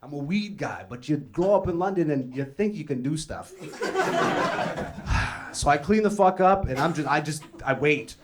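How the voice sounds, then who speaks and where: A man's voice: on the high side, lively intonation, unhurried, slight background noise. A young man doing a profane, conversational stand-up set on a comedy club stage, telling stories and acting out other people's lines. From Ethiopian, born in Greece, raised in Canada. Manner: profane, conversational storytelling with act-outs. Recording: live club set with crowd laughter. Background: audience laughing.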